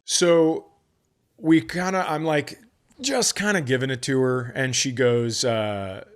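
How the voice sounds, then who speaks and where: A man's voice: mid-range voice, slow, smooth. A middle-aged male comedian hosting a podcast, telling a story in profane casual chat and acting out both sides of the conversation.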